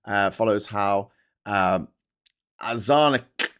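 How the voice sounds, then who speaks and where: A man's voice: fairly low pitch, slow pace, a bit bright, clear, resonant tone. A man hosting a casual live-stream show, reading out news and commenting with sarcasm, swearing and many restarts. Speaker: host.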